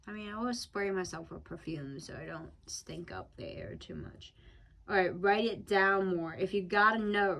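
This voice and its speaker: Young woman vlogger, bright tone, unhurried profane rambling monologue. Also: on the low side, a little hiss or hum. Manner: loose and profane, with frequent laughs. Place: at home.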